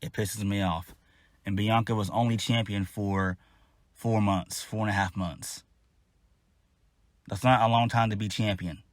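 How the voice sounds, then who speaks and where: A man's voice: fairly low pitch, steady tone, measured pace, long pauses, no echo, clean studio sound. A man giving a casual solo wrestling review, blunt, exasperated and profane.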